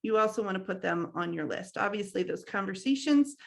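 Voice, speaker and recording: A young woman leading a training session, talking in a loose, conversational way. She fills her sentences with ums and small laughs, at a medium pitch. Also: lively intonation, brisk, creaky. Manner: conversational, many fillers, laughs often. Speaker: workshop trainer. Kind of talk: instructional talk.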